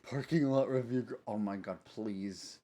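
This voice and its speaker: This live streamer has a mid-range voice with a dark tone and speaks a little slowly. His casual talk meanders, punctuated by giggles and frequent self-interruptions mid-sentence.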